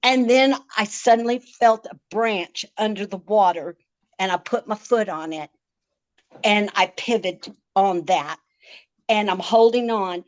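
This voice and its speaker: A woman's voice: medium pitch, unhurried. A woman, a podcast guest, vividly recounting a frightening personal story, often stammering and repeating words.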